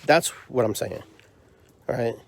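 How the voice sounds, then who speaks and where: A man's voice: medium pitch, animated, measured pace, vocal fry. Frustrated man ranting as podcast host. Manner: heated, rhetorical, repeats questions. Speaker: podcast host and drum circle leader. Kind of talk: frustrated monologue.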